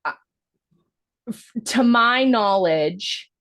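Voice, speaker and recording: A woman's voice: medium pitch, lively intonation, extremely slow, a bit bright. Rambling woman recapping a movie. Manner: rambling, with lots of "like" fillers and casual swearing. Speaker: podcast co-host. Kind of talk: casual movie-review chat.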